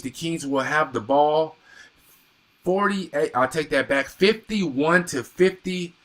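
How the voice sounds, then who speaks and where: A young man doing live play-by-play and reaction on a stream, reading viewer comments and bursting into excited exclamations. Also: fairly high pitch, takes it slowly.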